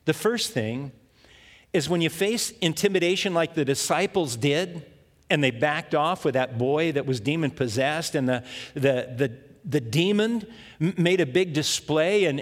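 A male pastor preaches with lively storytelling energy, repeating key words for emphasis. His voice sits a little higher than most men's. A long reverb from the church hall trails behind him. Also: unhurried. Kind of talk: sermon.

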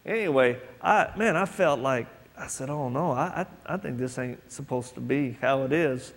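A man's voice: mid-range voice, normal speed, creaky. A man preaching a sermon, telling a personal story and acting out the voices of others. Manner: storytelling, acts out quoted voices. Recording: echoey hall, long reverb.

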